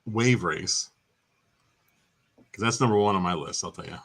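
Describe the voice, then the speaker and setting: A man's voice: low voice, moderate pace, gravelly, fairly bright tone, husky. A man co-hosting a casual gaming chat show, telling stories and laughing often.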